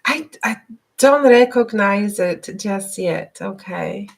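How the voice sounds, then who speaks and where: A woman hosting a live stream and giving spiritual readings, talking gently with many hesitations and repeated words. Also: mid-range voice, lively intonation, slow, gravelly. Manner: soft and gentle, guiding breathing.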